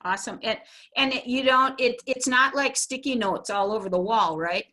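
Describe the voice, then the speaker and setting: A woman's voice: a little high, moderate pace, pushed and bright. A woman hosting an interview, chatting casually and eagerly affirming her guest. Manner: eager, affirming, laughs easily. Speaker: interview host.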